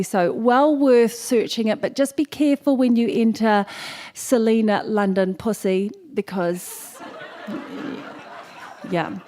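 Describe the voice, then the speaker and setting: A New Zealand woman poet telling a story and performing a poem at a festival stage, playful and animated, acting out the dialogue. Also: medium pitch. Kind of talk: live storytelling and poetry performance. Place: festival stage before an audience.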